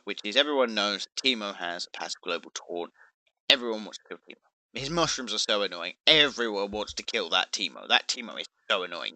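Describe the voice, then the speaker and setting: Sharp-voiced man chatting casually. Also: mid-range voice, no echo, poor audio. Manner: chatty, with restarts and playful mock voices. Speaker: gaming video creator. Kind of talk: casual explanatory talk.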